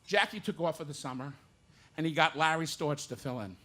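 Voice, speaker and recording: A man's voice: fairly high pitch, lively intonation, fairly quick. A male impressionist bantering playfully on a small cabaret stage, with joking asides. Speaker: impressionist performer. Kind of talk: live stand-up banter. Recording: live club with faint room noise.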